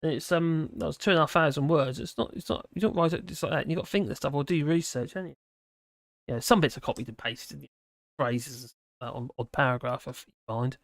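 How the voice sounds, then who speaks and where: A man's voice: a little high, fast, no room sound, studio quality. A tired man hosting a livestream, rambling casually through viewer chat and slurring his words a little. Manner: rambling, with frequent restarts and fillers.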